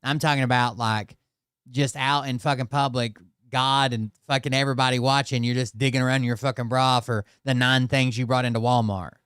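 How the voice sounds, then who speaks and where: A man's voice: medium pitch, little pitch movement, a little fast, a bit bright, smooth, no room sound, studio quality. A man with an Appalachian accent, hosting a profane, exasperated reaction commentary. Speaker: commentary host.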